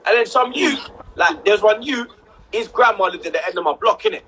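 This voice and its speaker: A man telling a story in a casual livestream chat, slangy and animated, often checking in with "yeah?". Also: high voice, fairly quick, slight background noise.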